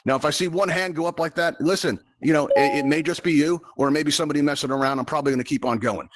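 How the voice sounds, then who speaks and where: A man's voice: a little high, fast talker, heavy background noise. A man hosting a live virtual game show, talking straight to his audience in a chatty, rambling showman manner.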